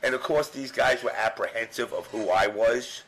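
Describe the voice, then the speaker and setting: A man's voice: mid-range voice, moderate pace, fairly bright tone, breathy edge, rough recording. A middle-aged man from New York telling a rambling, profane story in casual chat, full of fillers. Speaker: podcast guest, former strategy guide writer.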